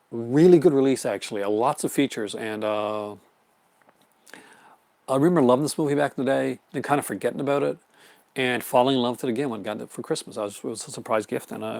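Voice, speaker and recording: A man's voice: mid-range voice, vocal fry, a little mellow, no echo. A man hosting a casual live stream, rambling enthusiastically about his horror film collection, with many fillers and restarts. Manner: answers viewer chat comments.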